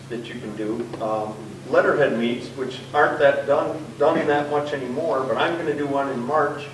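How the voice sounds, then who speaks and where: A man's voice: a little high, distant mic. Sign painter guy from minnesota rambling away, heard from across a big echoey hall, faint hum behind. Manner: chatty, laughs through his stories. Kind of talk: rambling storytelling and advice. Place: college forum room. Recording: echoey hall, mic from afar.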